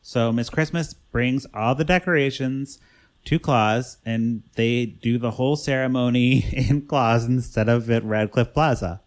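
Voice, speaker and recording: A man's voice: medium pitch, fairly even intonation, measured pace. A man hosting a podcast, loosely recapping a movie plot in casual chat with lots of fillers. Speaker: podcast host.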